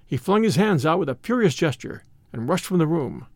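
Man reading an audiobook, measured and expressive, pitch moves a lot, dry close mic. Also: no room sound. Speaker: narrator. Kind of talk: audiobook narration.

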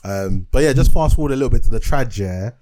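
A man's voice: medium pitch, animated, fast, mellow. Laid-back young man. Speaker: podcast co-host. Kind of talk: casual chat.

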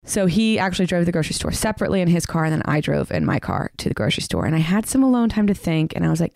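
A woman's voice: fairly low pitch, sing-song, racing, gravelly, few pauses, darkish tone, no room sound, studio quality. A woman telling a personal story in a candid, self-mocking way on a podcast.

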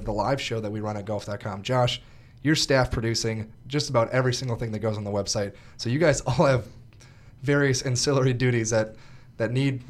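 A man moderating a casual chat, setting up stories and asking questions. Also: mid-range voice. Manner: prompting, asks questions.

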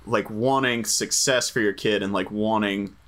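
A man's voice: fairly low pitch, fairly even intonation, moderate pace, a bit bright. A man co-hosting a casual film podcast, speaking hesitantly with many fillers and restarts. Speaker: podcast co-host.

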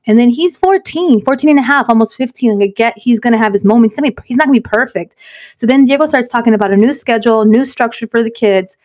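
Fast-talking middle-aged woman podcaster. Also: fairly high pitch, darkish tone. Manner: fast, candid storytelling that mixes in Spanish words. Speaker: podcast co-host. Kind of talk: casual podcast chat.

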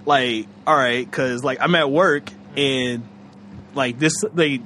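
A young man chatting casually as a podcast host, rambling with lots of fillers and quick laughs. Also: mid-range voice, fairly even intonation, bright, forceful tone, a little hiss or hum. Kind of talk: casual chat.

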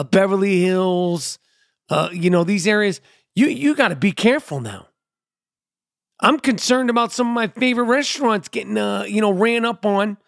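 A man's voice: high voice, creaky, clean tone, dry recording, clean studio sound. Profane, rambling New man. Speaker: podcast host. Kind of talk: casual monologue.

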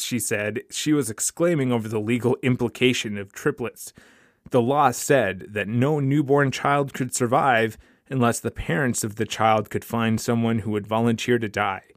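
Man reading a story aloud, dry close sound. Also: dry recording. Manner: voices dialogue by lifting pitch, drops low for tags. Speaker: podcast host reading a short story. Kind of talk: audiobook-style story reading.

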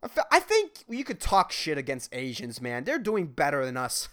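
Young guy rambling solo on his podcast, swearing a lot, bright voice all over the place. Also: a little high, moderate pace. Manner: profane, animated and laughing. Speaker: podcast host.

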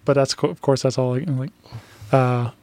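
A man with an ordinary mid-range voice hosts a relaxed podcast chat. He rambles and circles back, agreeing readily with his guest, and his voice sounds dry and close to the mic. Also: mid-range voice, no room sound. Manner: rambling, many fillers and restarts, quick to agree. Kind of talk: casual chat.

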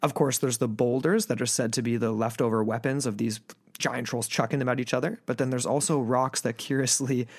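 A man's voice: mid-range voice, fairly even intonation, fairly quick, dry recording, clean studio sound. A man co-hosting a casual podcast chat, enthusiastic and rambling, with lots of fillers. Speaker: podcast co-host.

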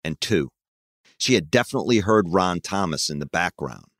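Man, very deep voice, somber scripted narration, dry close sound, soft music under. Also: lively intonation, normal speed, no room sound.

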